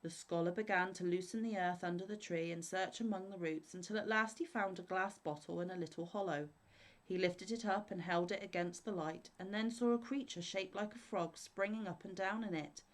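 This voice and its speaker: A woman reading fairy tales aloud in a steady, measured way. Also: fairly low pitch, poor audio. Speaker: storyteller.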